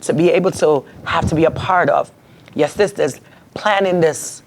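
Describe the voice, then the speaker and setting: A woman's voice: deep voice, moderate pace, darkish tone, slight background noise. A woman guest on a podcast, telling a heartfelt personal story with emotion, her voice rising when she is upset.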